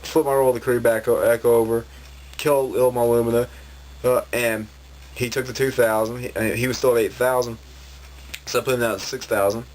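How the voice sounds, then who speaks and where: A man's voice: medium pitch, flat delivery, moderate pace, a little mellow, slight background noise. A man ranting in a vlog, rambling and frustrated, with many restarts. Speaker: vlogger.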